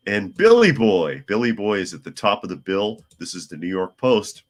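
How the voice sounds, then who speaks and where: A hoarse man hosting a casual news talk podcast, chatty with wry asides. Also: low-pitched, brisk. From United States. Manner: chatty, wry asides, talks to his cat. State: hoarse from a cold. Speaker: podcast host.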